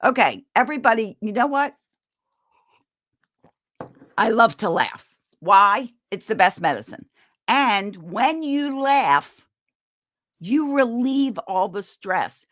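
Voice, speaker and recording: A woman giving a live-streamed parenting talk, animated and encouraging as she leads the audience in a laughter exercise. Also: mid-range voice, takes it slowly, no room sound, clean studio sound. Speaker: parenting speaker.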